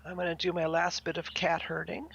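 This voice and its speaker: Gravelly, playful co-host on dull audio. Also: medium pitch, monotone, a little fast, fairly bright tone. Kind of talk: casual chat on a live stream.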